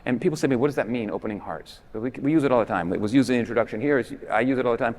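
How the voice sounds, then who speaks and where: A man giving a persuasive conference talk with emphatic stresses that drop to quiet endings. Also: racing. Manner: emphatic, with swings between loud stresses and low, quiet endings. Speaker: conference speaker. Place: large basilica. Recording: long reverb in a big church.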